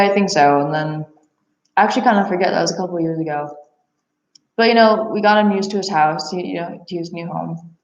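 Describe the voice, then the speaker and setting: Chatty young woman laughing through a story. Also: fairly low pitch. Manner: animated, laughs often, many fillers. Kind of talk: casual storytelling. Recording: echoey room, dull lo-fi sound.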